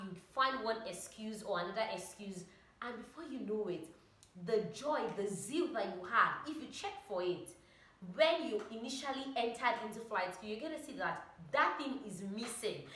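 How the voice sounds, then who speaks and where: Woman vlogger, high bright voice, very animated, echoey room, chatty pep talk. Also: moderate pace. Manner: animated, chatty, full of "like" and "oh my God". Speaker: vlogger and trainee pilot. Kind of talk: motivational casual talk to camera.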